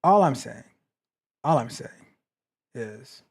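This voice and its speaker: A man hosting a live tech Q&A stream, telling stories in a casual, animated way and often repeating his phrases. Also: mid-range voice, takes it slowly, vocal fry, slightly rough. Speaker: host. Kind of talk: casual livestream talk.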